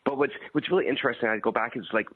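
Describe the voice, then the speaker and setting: Fast-talking middle-aged man on a phone line. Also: medium pitch, slightly rough, no room sound. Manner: fast, repeats words, laughs often. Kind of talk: casual radio chat. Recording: dry phone-line audio.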